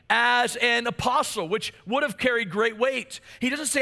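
Bright-voiced man preaching a sermon. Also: high voice, animated, moderate pace, creaky. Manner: earnest preaching with emphatic repetition. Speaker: pastor.

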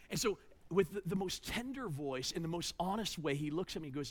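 Bright high-pitched male preacher. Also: fairly quick. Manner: storytelling, animated, with dramatic drops to a hush. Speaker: pastor. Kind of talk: sermon.

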